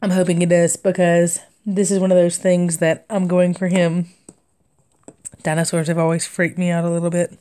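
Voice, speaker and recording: A chatty woman with a Southern US accent talks her way through a craft live stream. Her voice sits a little low, and she rambles from one story to the next with easy laughs. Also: level tone, moderate pace, dark tone. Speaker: crafting vlogger. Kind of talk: casual live-stream chat while stitching.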